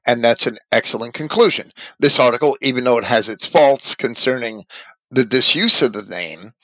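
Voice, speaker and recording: Guy reading an article out loud and explaining it, slow and careful, dry close sound. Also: mid-range voice, no room sound, low-quality recording. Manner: slow, deliberate, spells out names letter by letter. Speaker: religious teacher reading and commenting on an article. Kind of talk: reading aloud with commentary.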